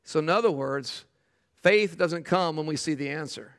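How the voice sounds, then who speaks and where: Male pastor, high gravelly voice, emphatic sermon delivery in a church hall with long reverb. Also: fairly quick. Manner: animated, emphatic preaching with repeated phrases. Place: church sanctuary.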